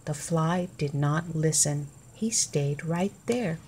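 Slow, low-voiced woman reading a storybook. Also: darkish tone, a little hiss or hum. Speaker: storybook reader. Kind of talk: reading a children's book aloud.

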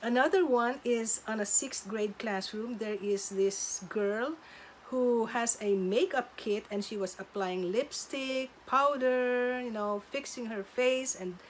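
A middle-aged woman, a teacher, telling classroom stories in a careful, measured way with pauses. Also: fairly high pitch, a little hiss or hum. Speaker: substitute teacher. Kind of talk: casual storytelling to camera.

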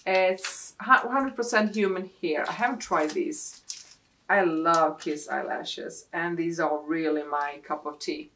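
A woman's voice: sits low, slow, a bit bright, a little hiss or hum. A woman beauty vlogger unboxing a gift box at her desk, gushing and repeating how much she loves each item. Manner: gushing, repeats "love it" over and over. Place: home desk.

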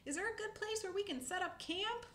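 A woman's voice: very high-pitched, a little fast, bright, forceful tone, voice pushed up. A woman voicing a cheerful female squirrel who leads pups, sing-song and upbeat. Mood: cheery. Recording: echoey room, faint noise.

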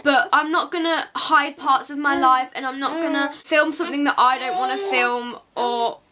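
A young woman speaks to camera in a tearful, halting rant, her voice high and bright. She keeps stopping and restarting as she cries. A faint hiss sits behind her. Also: fairly even intonation. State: crying. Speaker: vlogger.

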